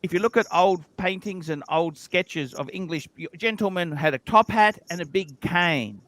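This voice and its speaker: A man's voice: sits high, moderate pace, a bit bright, dry recording. A man hosting a livestream chat, telling stories bluntly and swearing freely. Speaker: livestream host. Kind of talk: casual chat.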